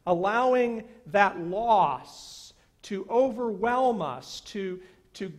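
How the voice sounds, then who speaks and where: A pastor preaching in church with a high, light man's voice. He takes his time, leaning on each phrase with slow, earnest emphasis. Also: expressive. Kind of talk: sermon. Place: church sanctuary.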